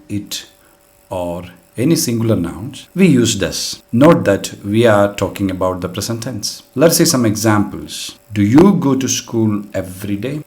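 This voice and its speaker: A man with a fairly low voice gives a recorded grammar lesson. He lays out each rule patiently and walks through example after example, in the even manner of a teacher. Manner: patient, explains step by step with examples.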